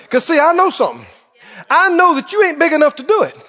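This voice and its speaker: A man preaching with a very high voice that leaps up and down as he talks. He is fiery and colloquial and throws in mocking asides. The recording sounds dull and lo-fi. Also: huge pitch swings, quick pace, sharp tone. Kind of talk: sermon.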